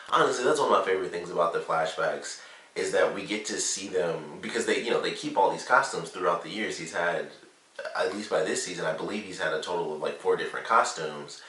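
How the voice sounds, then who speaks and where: Male reviewer, low and bright, casual rambling delivery, off-mic in a roomy space. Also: recorded from a distance. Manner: rambling, many "like" and "you know" fillers. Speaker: TV episode reviewer. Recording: echoey room, mic set back.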